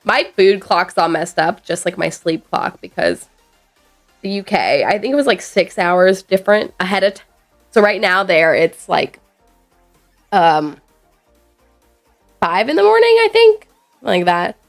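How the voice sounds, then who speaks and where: A woman streaming live, chatting loosely and answering her chat with playful asides. Her voice sits fairly low and carries a lot of vocal fry. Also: very animated, a little slow, soft background music. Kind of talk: casual chat with viewers.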